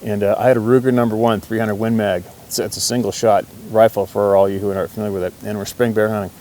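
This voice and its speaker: Low-voiced rambling hunter. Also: male voice, level tone, fast talker, a little mellow, a little hiss or hum. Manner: rambling, folksy, swears casually, chuckles often. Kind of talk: casual personal storytelling.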